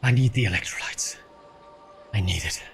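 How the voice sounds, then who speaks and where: A man's voice: on the low side, moderate pace, creaky, soft background music. A man livestreaming from a small room at home, chatting casually, rambling and swearing and mocking himself, a little queasy after being sick. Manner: profane, rambling and self-mocking.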